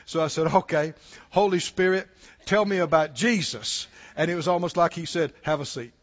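A man preaching a sermon as a pastor, building to loud emphatic calls and then dropping low. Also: normal speed, in a large hall, dull audio.

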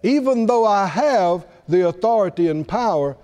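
In a reverberant hall, a man with a high-pitched, expressive, darkish voice delivers a sermon at normal speed. His storytelling is animated; he chuckles at his own jokes and performs the voices of the people he quotes.

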